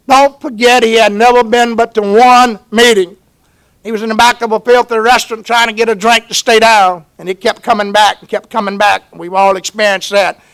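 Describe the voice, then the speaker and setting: A man's voice: sits high, fairly bright tone, smooth, no room sound. A man with a Southern US accent gives a folksy, earnest personal testimony as a speaker at a recovery meeting. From Georgia, US.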